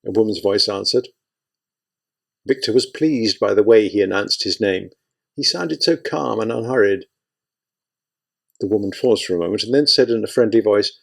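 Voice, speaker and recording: A male audiobook reader narrating a literary novel. His voice is gravelly, and his delivery stays steady and measured. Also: on the low side.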